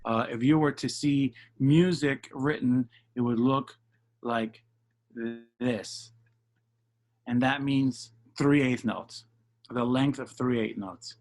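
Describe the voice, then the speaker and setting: A man's voice: mid-range voice, slow, darkish tone. A man teaching jazz piano in an online lesson, patiently explaining rhythm step by step and counting beats aloud over a video call. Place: home setup for a virtual session.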